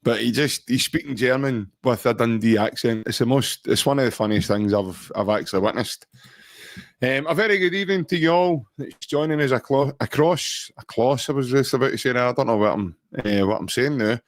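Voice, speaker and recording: A man's voice: mid-range voice, fairly quick, dry recording, studio quality. A man with a Scottish accent hosting a casual podcast chat, chatty, laughing often and restarting his sentences. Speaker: podcast host.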